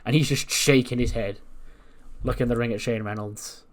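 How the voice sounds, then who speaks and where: A man talking through a wrestling management game in a casual, chatty way. He corrects himself as he goes, with a voice of middling pitch. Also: fairly even intonation, normal speed. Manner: chatty, laughing asides, self-correcting. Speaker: game channel host. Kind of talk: casual narration of a wrestling sim playthrough.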